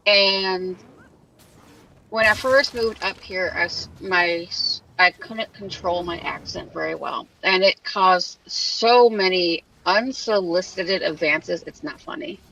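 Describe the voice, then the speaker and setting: Bright voiced woman from georgia chatting frankly, mic kinda far away. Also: fairly low pitch, takes it slowly, vocal fry, highs cut off, slight background noise. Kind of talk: casual voice chat.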